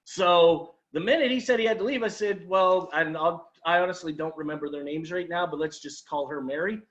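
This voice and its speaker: A man's voice: on the high side, fairly quick, fairly bright tone, dull audio. A man leading a sales training talk, telling an anecdote and acting out his customers' lines, with emphatic repeated advice.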